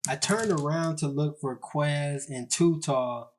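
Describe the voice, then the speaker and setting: A man's voice: a little high, takes it slowly. Casual, slangy man telling a comic story. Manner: casual, slangy, self-mocking. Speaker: storyteller narrator. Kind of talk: comedic story narration.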